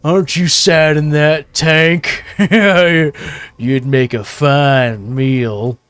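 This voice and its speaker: A hulking cat-folk brute, put on by a man running a tabletop game, who booms and drawls his taunts at a caged animal. The voice rises loud and slow, all menace and appetite. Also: fairly even intonation, smooth, no room sound. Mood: taunting. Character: large imposing cat-folk male enforcer, menacing and hungry.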